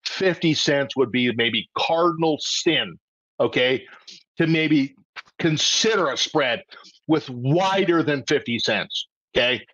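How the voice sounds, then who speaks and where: A man teaching options trading in a live webcast, animated and full of rhetorical questions, tagging "okay?" onto his points. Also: mid-range voice, takes it slowly, muffled recording. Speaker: trading coach.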